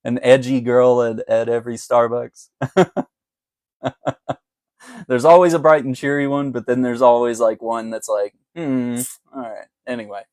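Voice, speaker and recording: Male commentator for a casual livestream chat, loose and laughing, mid pitch, dry close recording. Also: steady tone, normal speed, pauses often, darkish tone, no room sound. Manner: chatty and conversational, laughs often. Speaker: political commentator.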